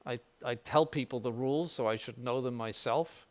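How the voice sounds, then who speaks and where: A man's voice: mid-range voice, normal speed. An older man, a bishop, giving an informal spiritual conference to seminarians, conversational with frequent restarts and dry ironic asides. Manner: conversational, repeats words, mild jokes, ironic asides.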